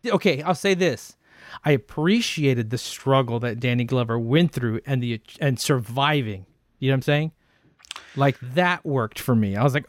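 A man co-hosting a casual film chat, animated and profane, often jumping up into high, disbelieving tones. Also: normal speed, no room sound, clean studio sound. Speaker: podcast co-host.

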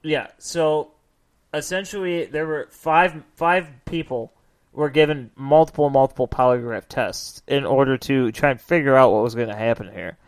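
A man's voice: mid-range voice, moderate pace, dry recording, clean studio sound. A man from the Chicago area co-hosting a podcast, blunt and profane in casual chat. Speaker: podcast co-host.

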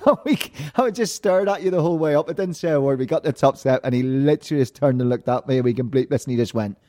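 A man hosting an interview show, playful and animated as he tells stories and quizzes his guest. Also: mid-range voice, fast talker. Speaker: host. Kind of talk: lively interview chat.

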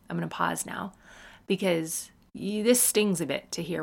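A woman in her thirties hosts a podcast in a low, gravelly voice. She speaks with a General American accent in a loose, chatty way. She keeps slipping in quick jokes at her own expense. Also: steady tone. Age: 30s. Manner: chatty, self-mocking, quick asides. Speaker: podcast host and comedian. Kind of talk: casual podcast chat.

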